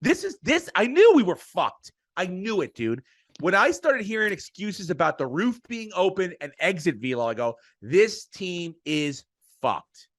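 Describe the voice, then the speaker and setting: A man's voice: high-pitched, big pitch swings, normal speed, no room sound, clean studio sound. A middle-aged man with an emphatic, profane delivery, ranting about sports as a podcast co-host. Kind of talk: heated sports podcast rant.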